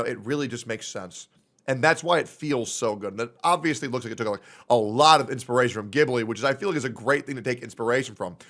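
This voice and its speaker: A man's voice: medium pitch, a bit bright. A young man streaming a reaction, talking casually and bluntly, swearing often and ranting heatedly about a game.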